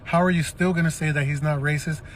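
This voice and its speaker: A man speaking to the camera in a measured, disappointed tone, asking viewers for their opinions. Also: a little high, steady tone, slight background noise. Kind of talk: commentary video addressing viewers.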